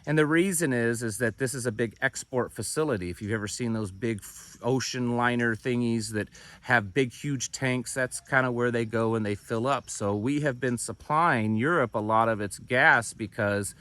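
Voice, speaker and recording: A man's voice: mid-range voice, moderate pace, hardly any pauses, pushed and bright. A man hosting a homesteading channel, giving casual news commentary in a conversational, skeptical way with frequent restarts. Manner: conversational, repeats words and restarts, skeptical asides.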